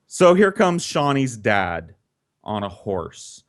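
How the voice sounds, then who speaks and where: Male podcast host, swears freely, animated casual storyteller. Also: medium pitch, slow. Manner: animated, profane, laughing often.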